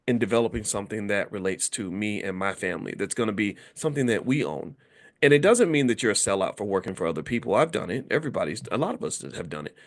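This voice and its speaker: A middle-aged American man, a finance educator hosting his channel, giving an animated, casual motivational talk and acting out the voices of people he quotes. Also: medium pitch.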